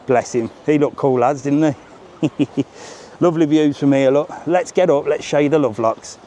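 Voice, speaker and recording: A man's voice: on the high side, moderate pace, dark tone, a little hiss or hum. A man hosting a live walking vlog outdoors on a seaside promenade, joking and bantering cheekily with passers-by. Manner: cheeky, jokey, banters with strangers. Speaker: travel vlogger host.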